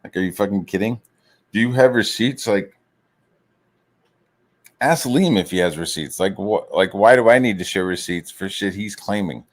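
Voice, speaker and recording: Low voiced dude rambling and cussing while drawing comics, lots of like and you know. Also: male voice, lively intonation, moderate pace. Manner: profane, rambling, heavy on filler words. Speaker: streamer and comic artist. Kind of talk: casual rambling rant.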